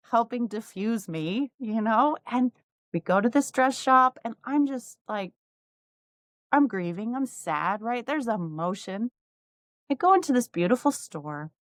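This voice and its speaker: A woman's voice: a little high, no room sound. A middle-aged woman, a podcast host and life coach, telling a personal story candidly and with feeling, with frequent asides.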